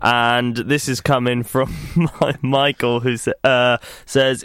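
A man's voice: mid-range voice, level tone, slow pace, hardly any pauses, a bit bright, clear, resonant tone, no room sound, clean studio sound. Offhand male co-presenter reading messages. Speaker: studio co-presenter. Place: radio studio.

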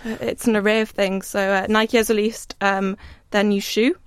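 A woman's voice: mid-range voice, little pitch movement, moderate pace, smooth, no echo. A young woman reviewing gadgets on a radio show, giggly and hesitant with many fillers, on a studio microphone. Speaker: work experience gadget reviewer. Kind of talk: radio news chat.

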